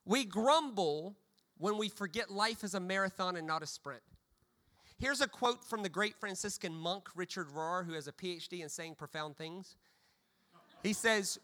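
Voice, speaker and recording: A man preaches a sermon in a high-pitched voice. His tone is bright and sharp. He leans on humorous storytelling and often repeats words as he stammers. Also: normal speed.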